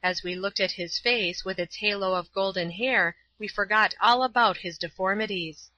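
A woman reading a storybook aloud in a measured, clear first-person narration. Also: mid-range voice, fairly even intonation, pushed and bright, no echo. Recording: slightly dull, dry.

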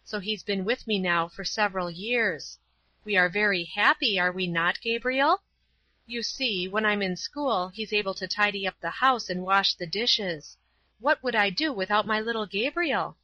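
A gentle young schoolmistress, sick in bed yet kind and motherly, speaking softly and earnestly, as a woman reads her in a storybook. Her voice is bright and clear, on a dry, slightly dull recording. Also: medium pitch, moderate pace, no room sound, lightly acted. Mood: gentle, affectionate. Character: kindly, feverish young female schoolteacher.

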